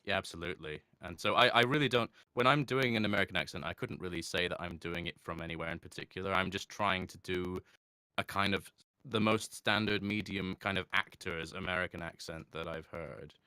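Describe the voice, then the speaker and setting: A man, a voice actor chatting in an interview, reflective and quick to laugh. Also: deep voice, pushed and bright, clear, resonant tone, dry recording, clean studio sound. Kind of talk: casual interview talk.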